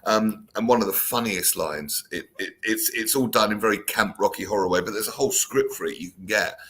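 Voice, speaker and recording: A man's voice: fairly low pitch, fairly quick, bright, forceful tone, breathy edge. A man, co-hosting and chatting casually, telling stories with ums and restarts. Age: 50s. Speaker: co-host. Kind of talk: casual chat.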